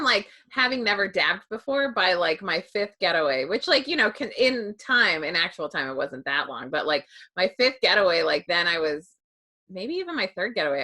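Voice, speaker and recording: A woman hosting a podcast in casual chat, rambling with many fillers and quick to laugh. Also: lowish voice, sharp tone. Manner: chatty, rambling, lots of likes and ums, laughs easily. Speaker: podcast host.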